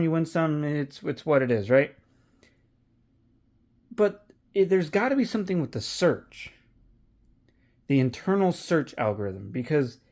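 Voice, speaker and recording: A man vlogs about his reselling business in a loose, profane ramble full of restarts. His voice sits slightly high for a man. He keeps it casual and blunt. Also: a little mellow. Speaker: online reseller. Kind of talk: casual vlog commentary.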